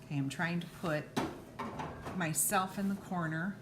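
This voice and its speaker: Brief: woman craft instructor on a live video, lower voice, unscripted and halting, clicks and noise on the line. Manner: unscripted, halting, thinks aloud while setting up and demonstrating. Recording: noisy live stream with clicking.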